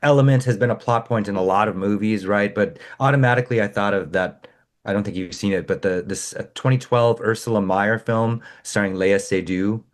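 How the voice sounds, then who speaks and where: Low-voiced man musing about films. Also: fairly quick. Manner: thoughtful, hesitant with fillers and restarts, draws comparisons to other films. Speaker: podcast co-host, film reviewer. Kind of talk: casual conversational film review.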